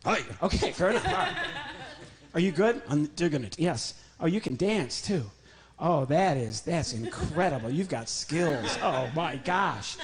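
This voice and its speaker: A man's voice: on the high side, very animated, a little slow, crowd noise. Joking ventriloquist man in a church. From Illinois. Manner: chatty, joking, talks to his puppet. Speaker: ventriloquist comedian. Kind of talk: live stand-up ventriloquism act. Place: church stage.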